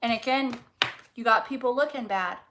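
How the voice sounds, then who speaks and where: Fervent, bright-voiced tarot-reading woman. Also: a little high, normal speed, low-quality recording. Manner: emphatic, swears freely, repeats key words; fervent, encouraging, slangy. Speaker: tarot reader. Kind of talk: casual tarot reading to camera.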